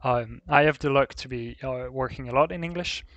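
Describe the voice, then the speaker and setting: A man's voice: medium pitch, brisk, a bit bright, dry recording. A man with a French accent, a native French speaker, chatting casually as a live streamer while he builds in a game, thinking aloud with many hesitations. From France.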